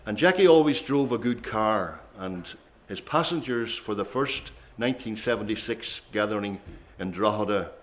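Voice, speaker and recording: A man's voice: on the low side, animated, moderate pace, hardly any pauses. Older man reminiscing. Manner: chatty, rambling reminiscence with asides. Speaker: traditional singer telling stories. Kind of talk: relaxed storytelling at a singing session.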